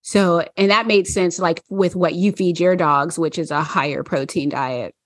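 A woman's voice: fairly low pitch, fairly even intonation, moderate pace. A woman podcast co-host chatting casually, rambling with many fillers and frequent laughs. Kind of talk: casual chat.

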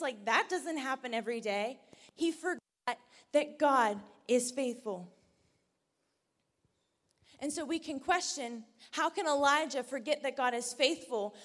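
A woman preaching a sermon earnestly on a church stage into a handheld mic, moving from raised emphasis down to a hushed near-whisper. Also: high-pitched, long reverb tail.

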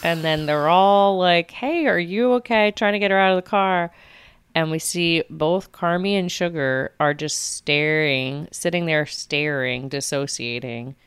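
A young adult woman co-hosting a podcast, recapping events in a steady, casual way. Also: sits low, unhurried, clear, resonant tone, no echo. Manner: steady, narrating events in order. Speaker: podcast co-host.

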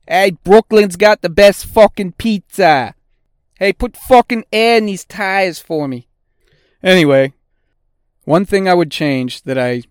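Foul-mouthed man with a smooth voice. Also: mid-range voice, no echo, clean studio sound. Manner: profane, blunt, swears constantly. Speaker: podcast host; auto technician. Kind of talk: casual podcast monologue.

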